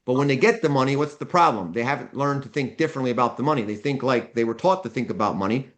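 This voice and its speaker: A man's voice: medium pitch, fast talker. A man teaching a live seminar, blunt and direct, tossing questions at the class and answering them himself. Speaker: seminar instructor.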